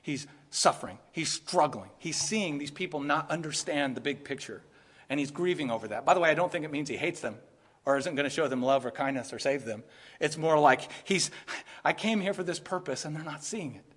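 High-voiced preacher in a reverberant hall. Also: male voice, expressive, brisk, husky. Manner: earnest, rising to emphatic peaks then dropping to quiet asides. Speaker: pastor. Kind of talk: sermon.

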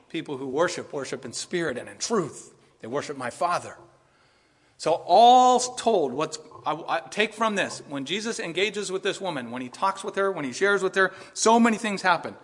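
A man preaching a sermon with emphatic, repetitive, animated delivery, addressing his congregation. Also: on the high side, long reverb tail.

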